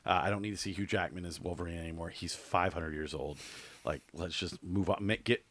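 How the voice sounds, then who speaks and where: A man's voice: deep voice, fairly even intonation, brisk, fairly bright tone. A man co-hosting a podcast in casual chat, rambling and offhand with lots of fillers and restarts. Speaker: podcast co-host.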